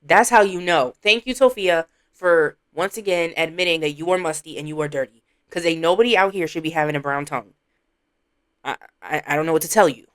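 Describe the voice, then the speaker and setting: A woman reaction streamer giving casual commentary, teasing and laughing with loud exclamations. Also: low-pitched, fairly quick, clear, resonant tone.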